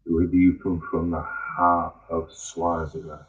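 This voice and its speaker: Deep-voiced man ranting from far off. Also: monotone, a little slow, phone-quality sound. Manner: angry, profane, rambling. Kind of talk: ranting monologue.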